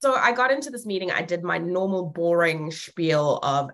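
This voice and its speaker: Blunt, low-voiced woman co-host. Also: normal speed, hardly any pauses. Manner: blunt, swears freely, laughs often. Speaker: podcast co-host. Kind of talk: casual chat.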